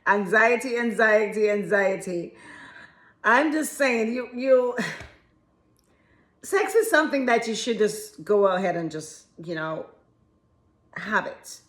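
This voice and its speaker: Giggly woman advice vlogger, higher voice, slow unhurried delivery, frank and chatty with her viewers. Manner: giggly, keeps breaking into laughter; frank and chatty, addresses viewers as ladies and guys. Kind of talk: casual chat to camera.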